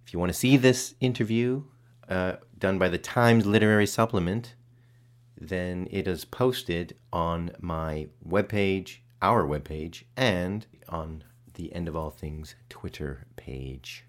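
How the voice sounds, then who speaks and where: A man's voice: sits low, slow. A man hosting a podcast while hungover, chatting casually with self-deprecating, mumbled asides. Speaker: podcast host.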